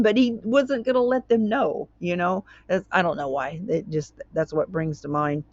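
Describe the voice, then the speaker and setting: A woman's voice: lowish voice, normal speed, hardly any pauses, darkish tone, no room sound, dull audio. A woman hosting her own channel, reading a court document aloud and commenting on it in a chatty way, tripping over words and wandering into tangents.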